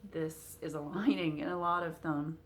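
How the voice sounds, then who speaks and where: A woman's voice: low voice, fairly even intonation, normal speed. A woman vlogger chatting casually to camera at home, with many fillers and a touch of hiccups. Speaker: cross-stitch vlogger.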